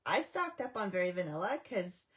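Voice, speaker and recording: A woman's voice: mid-range voice, sing-song, a little fast, slightly rough. A middle-aged woman from Canada hosting a casual craft live stream, chatting with viewers, greeting them by name, with frequent ums and restarts.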